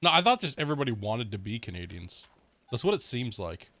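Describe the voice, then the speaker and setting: A man's voice: mid-range voice, sing-song, brisk, sharp tone, dry recording. A man streaming a game, chatting casually, swearing and laughing as he rambles through stories. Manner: crude, swearing, laughs often; rambling storyteller with many restarts. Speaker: gaming streamer. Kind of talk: casual live-stream chat.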